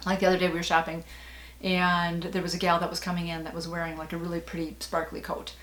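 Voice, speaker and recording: Middle-aged woman, lowish voice, casual rambling vlog talk, lots of fillers, echoey room. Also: monotone, fast talker, fairly bright tone, a little hiss or hum. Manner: chatty, rambling, frequent fillers and laughs. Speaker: vlogger.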